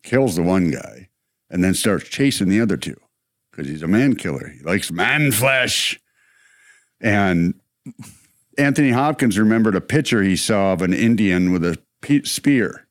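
A man's voice: low voice, animated, unhurried, no echo, studio quality. A man co-hosting a casual talk show, telling a rambling movie story and acting out its lines. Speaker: co-host. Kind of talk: casual chat.

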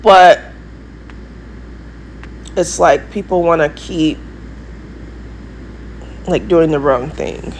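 A woman's voice: low voice, drawn-out words, long pauses, a little hiss or hum. Insistent rambling woman with an English accent. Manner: emphatic, repetitive, insistent. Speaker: vlogger. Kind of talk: rambling monologue to camera.

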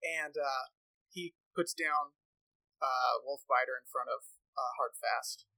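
A man narrating a tabletop game as game master, relaxed and hesitant with many fillers. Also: medium pitch, slow pace, vocal fry, dry recording, low-quality recording.

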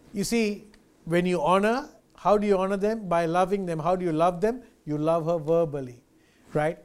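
A male pastor with a high, darkish voice preaches a sermon. He is earnest and emphatic, repeats key phrases, and calls his listeners friends.

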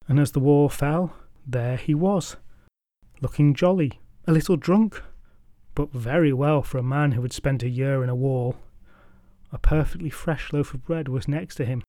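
A man narrating a folk tale with a measured, dramatic and wryly humorous delivery. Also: mid-range voice, mellow, no room sound, studio quality. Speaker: storyteller. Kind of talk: scripted storytelling narration.

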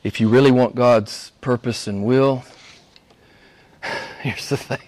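A middle-aged male pastor preaching a sermon, swinging from hushed asides to high, emphatic exclamations. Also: fairly even intonation, slow pace.

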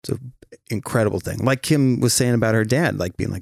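A man's voice: fairly low pitch, brisk, creaky, no room sound, clean studio sound. A man hosting a podcast, talking casually and animatedly, with frequent swearing. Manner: profane, animated storytelling. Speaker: podcast host. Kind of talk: casual chat.

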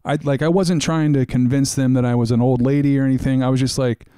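A man's voice: medium pitch, fairly even intonation, fast, dark tone, clear, resonant tone, no echo, clean studio sound. A man hosting a radio show, chatting in a laid-back way and saying like often. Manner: laid-back, says like a lot. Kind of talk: casual chat.

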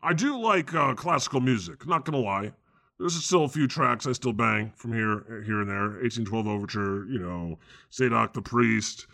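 A man playing God as a laid-back, slangy deity with a deadpan delivery in an improvised comedy interview. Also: mid-range voice, normal speed, creaky. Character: God, a casual jaded male deity.

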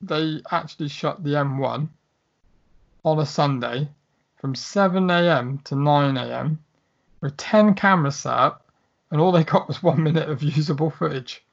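A man's voice: fairly high pitch, normal speed, creaky, lo-fi sound. A man co-hosting a casual film chat, blunt, jokey and full of swearing. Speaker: podcast co-host.

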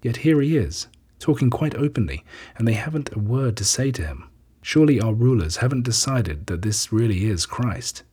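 A man's voice: medium pitch, animated, moderate pace, mellow, slightly rough. A man voicing puzzled townsfolk in a scripture reading, asking questions in a wondering way.

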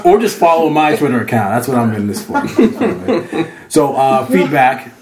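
A man's voice: mid-range voice, sing-song, measured pace, crowd noise. A man hosting a casual podcast, dry and self-mocking as he steers the talk. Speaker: podcast host. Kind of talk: casual chat. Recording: echoey room.

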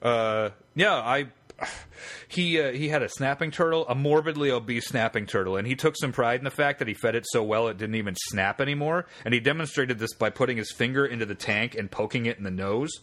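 A man co-hosting a podcast, telling a rambling story in casual chat with a bright, forceful voice. He swears freely and jumps between asides, at an ordinary pitch for a man. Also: fairly quick. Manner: rambling, profane, animated storyteller. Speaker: podcast co-host.

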